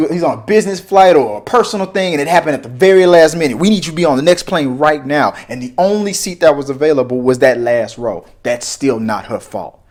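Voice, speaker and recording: A man in his forties giving a casual opinion rant as a reaction video host, full of slang and mocking put-on voices. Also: on the high side. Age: 40s. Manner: animated, mocking voices in quotes, frequent repeats and slang.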